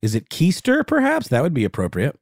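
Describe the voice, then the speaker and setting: A man's voice: fairly high pitch, wildly swooping pitch, a little fast, dry recording, clean studio sound. A man co-hosting a casual history podcast, rambling with lots of fillers. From Augusta, Georgia, US. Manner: rambling, many fillers and restarts. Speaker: podcast co-host.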